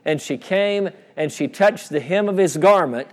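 A man's voice: high-pitched, moderate pace. A man preaching a sermon, repeating phrases and calling for responses from the congregation. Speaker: pastor. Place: church sanctuary. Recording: long church reverb.

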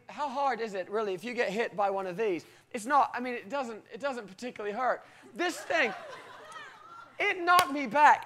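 British guy preaching, really high voice, laughing his way through a story about himself. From Britain. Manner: animated storytelling with frequent laughter. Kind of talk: sermon with personal story.

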